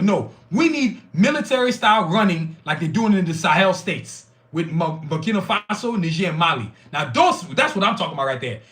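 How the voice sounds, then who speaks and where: A man's voice: high-pitched, pushed and bright. A man hosting a podcast, delivering a fiery, profane monologue full of repeated lists. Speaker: podcast host.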